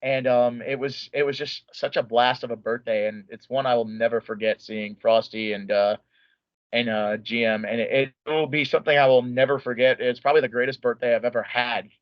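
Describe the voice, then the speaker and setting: A young man, an interview guest, telling a story in an excitable, animated way with lots of "like" and restarts. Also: mid-range voice, fairly quick, dry recording. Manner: many filler likes and restarts. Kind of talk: casual storytelling. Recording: dull lo-fi dry sound.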